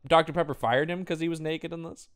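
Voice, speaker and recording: A man's voice: a little high, quick pace. A man co-hosting a casual podcast chat, retelling stories and acting out quotes in put-on voices. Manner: animated storyteller, acts out quotes in put-on voices. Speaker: podcast co-host. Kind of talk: casual chat about a film.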